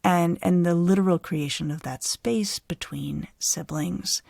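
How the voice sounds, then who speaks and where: A middle-aged woman psychologist hosting a podcast, explaining conversationally with an animated, easy manner. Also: fairly low pitch, unhurried, vocal fry, no room sound, clean studio sound. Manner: animated, explanatory, laughs easily. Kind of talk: conversational expert advice.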